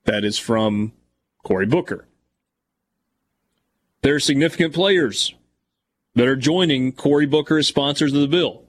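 A man's voice: medium pitch, a little slow, long pauses. A man hosting a sports talk show who reads news passages aloud and then adds casual comments. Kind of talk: reading news and discussing on air.

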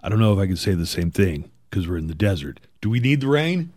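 A man's voice: low voice, very animated, a little mellow, no room sound, studio quality. A man from East Texas hosting a morning radio show, easygoing and chatty, with loose fillers between forecasts and segments. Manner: easygoing, laughs often, drawn-out fillers. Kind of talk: casual morning radio chat.

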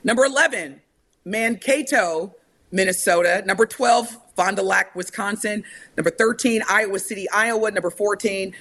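A woman's voice: medium pitch, moderate pace, fairly bright tone. A woman from Indiana co-hosting a radio talk show, chatting casually and reading a list aloud with lots of laughter. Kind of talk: casual chat.

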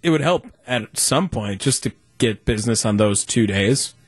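A man's voice: fairly low pitch, expressive, moderate pace, husky, no echo. Easygoing young man on talk radio. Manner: easygoing, agreeable. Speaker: radio co-host.

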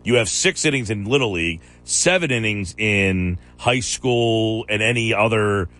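A man's voice: lowish voice, lively intonation, fairly bright tone, faint music behind. A man hosting a sports radio show, chatting casually and challenging his co-host's claims. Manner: argumentative, quick to challenge.

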